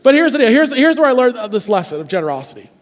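A man in his forties preaching a sermon, telling stories in a lively, conversational way and often checking in with the congregation. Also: very high voice, fast, big-room sound. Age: 40s. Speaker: pastor. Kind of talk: sermon with storytelling.

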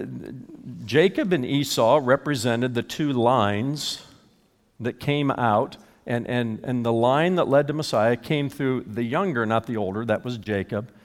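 An older man preaching a sermon as a pastor, emphatic and animated, with chuckles between points. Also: mid-range voice. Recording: reverberant hall.

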